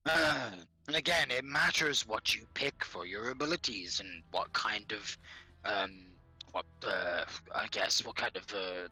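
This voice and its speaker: A man's voice: on the low side, a little slow, pushed and bright, husky, soft background music, rough recording. A man with a non-native English accent co-hosting a casual gaming podcast, laughing often and swearing freely. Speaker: podcast co-host.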